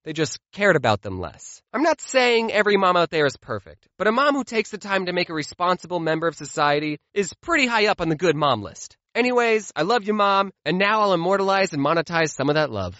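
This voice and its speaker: A young man spins funny stories about his childhood, his high voice leaping up and down all the time. He drops deadpan asides between the jokes. The sound is close and dry, with a slightly muffled top end. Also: fairly quick, hardly any pauses, no echo. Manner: jokey, deadpan asides between acted-out quotes. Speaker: comedy storyteller. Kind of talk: animated comedic storytelling.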